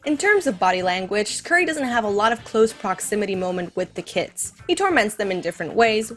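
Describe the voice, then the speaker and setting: A woman's voice: mid-range voice, a bit bright. A woman hosting a scripted film commentary, enthusiastic and speaking directly to her viewers. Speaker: video essay host.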